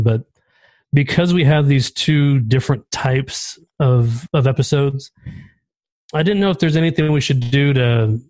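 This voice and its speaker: A man from Texas, a guest on a podcast, talks in an easygoing, thoughtful way, working through his questions out loud. His mid-range voice is recorded close and dry, with no echo around it. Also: mid-range voice. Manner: relaxed, thoughtful, asks for advice. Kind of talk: casual chat.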